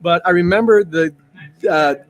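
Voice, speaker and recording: High-voiced man telling bar stories. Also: normal speed. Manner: storytelling, animated, acts out quotes. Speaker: bar owner. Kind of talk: casual chat. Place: pub.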